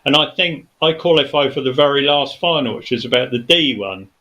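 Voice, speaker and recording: A man's voice: medium pitch, expressive, brisk, sharp tone, low-quality recording. A man, a studio guest telling a long story in casual chat, rambling with many fillers and restarts.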